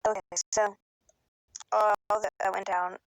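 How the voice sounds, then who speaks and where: In poor phone audio with no room sound, a teenage girl tells a rambling, emotional personal story, swearing often and at times choking up with tears. She speaks a little slowly, in a medium pitch and level tone, in a casual storytime style.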